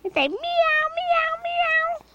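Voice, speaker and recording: A playful toy kitty cat meows in a squeaky, very high voice that swoops up and down, as a woman puts it on for a little one. The meows come unhurried and drawn out. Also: big pitch swings, sharp tone, dull audio, a little hiss or hum, exaggerated voice.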